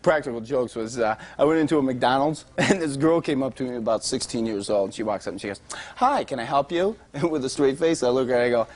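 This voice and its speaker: A man from Michigan with a high, thin voice, doing stand-up and joking through his lines with a laugh. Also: quick pace, hardly any pauses, a little mellow. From Michigan, USA. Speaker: stand-up comedian and guest. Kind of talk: stand-up routine and talk-show chat. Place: television studio stage.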